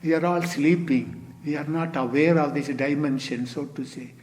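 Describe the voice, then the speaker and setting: Older man giving a slow Zen dharma talk. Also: a little high, steady tone, slight background noise. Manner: unhurried, repeats "you see" often, chuckles softly. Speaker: Zen teacher.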